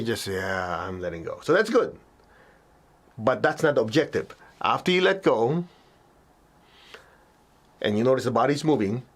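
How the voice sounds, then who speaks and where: A man giving a spiritual teaching talk as a meditation teacher, talking conversationally, often checking in with listeners and acting out reactions with sudden high yelps.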